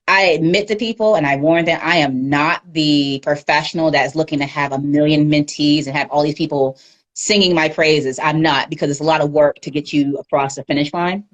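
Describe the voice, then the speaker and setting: A woman speaking as a guest in a casual livestream interview, candid and animated, often laughing, on a phone or webcam mic. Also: low-pitched. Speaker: guest media professional.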